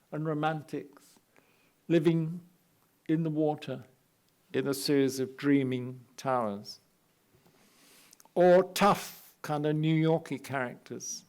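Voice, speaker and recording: An older man with a British accent talks his audience through slides in a public lecture. His voice sits slightly high for a man, and he keeps slipping in wry, self-mocking asides between his points. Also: a little mellow. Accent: British English. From England. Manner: wry, anecdotal, self-deprecating humor. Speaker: architect giving a lecture. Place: lecture hall at an art academy.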